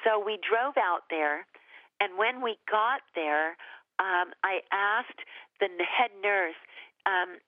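A woman guest telling a personal faith testimony in an earnest, emotional way, with halting restarts, heard over a phone call. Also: medium pitch, no room sound. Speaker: ministry leader and guest. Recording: tinny phone line.

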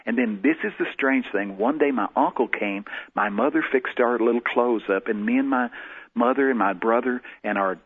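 A man's voice: fairly low pitch, a little fast, slightly rough. A man, a guest in an interview, telling personal stories in a folksy way and acting out the voices he quotes. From Texas. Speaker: guest prophet. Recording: tinny phone-like lo-fi sound.

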